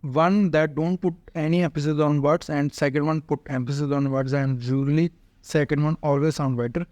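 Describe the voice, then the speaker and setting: A man hosting a casual software walkthrough, chatty and explaining step by step with many "uh" fillers. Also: on the high side, steady tone, normal speed, no room sound. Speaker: tech tutorial host.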